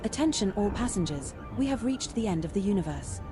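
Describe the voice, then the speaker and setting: A woman voicing a calm female starship computer in a game, with a smooth, precise announcer delivery. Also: mid-range voice, a little fast, over music, close to an everyday voice. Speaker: ship's onboard computer. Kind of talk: game voice-over.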